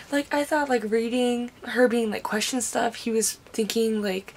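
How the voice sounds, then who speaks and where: A young woman chatting casually on her reading vlog, talking excitedly with lots of fillers while recording at home on a camera on a stand. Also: mid-range voice, normal speed, few pauses. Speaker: book vlogger. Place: at home, reading late at night.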